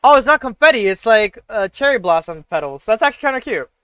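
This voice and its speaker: A man's voice: high voice, sing-song, quick pace, sharp tone, clear, resonant tone, no room sound. A man streaming a story game, chatting casually, laughing often and swearing as he reads lines aloud. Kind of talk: casual gaming commentary.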